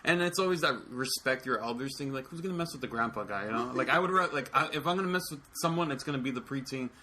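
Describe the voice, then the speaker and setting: A man co-hosting a podcast in casual chat, talking quickly with many halting restarts. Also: medium pitch, background noise. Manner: quick, halting, repeats words. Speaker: podcast co-host.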